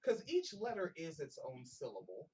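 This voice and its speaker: A man's voice: fairly high pitch, huge pitch swings, moderate pace, darkish tone, recorded from a distance, a little hiss or hum, poor audio. A man hosting a casual comedic podcast, reading a news story aloud with many fillers and stumbles, and joking with profanity. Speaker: podcast host.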